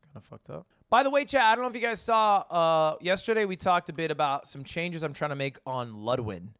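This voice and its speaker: A male streamer talking straight into a close desk mic, the sound bone-dry with no room at all. His voice sits a bit on the higher side. He rambles, jokes and tosses asides to his viewers in loose casual chat. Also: expressive, brisk, a bit bright, dry recording. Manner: rambling, joking, talks to chat.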